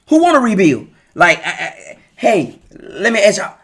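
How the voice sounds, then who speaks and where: Middle-aged guy, highish voice, preaching relationship advice to his viewers, says everything twice for emphasis. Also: wildly swooping pitch, normal speed, gravelly, a bit bright. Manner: preachy, emphatic, repeats key lines, talks to viewers directly. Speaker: live video host giving relationship advice. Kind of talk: casual motivational talk.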